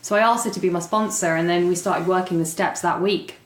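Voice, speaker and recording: A young English woman telling her recovery story as a guest, animated, with fillers and laughs. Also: on the low side, a little fast. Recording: roomy echo.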